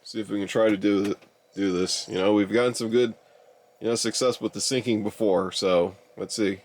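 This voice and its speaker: A man's voice: lowish voice, fairly even intonation, normal speed. Exasperated rambling young man. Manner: exasperated, rambling, addresses viewers as ladies and gentlemen. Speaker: YouTuber reviewing a DVD player. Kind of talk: casual rambling video commentary.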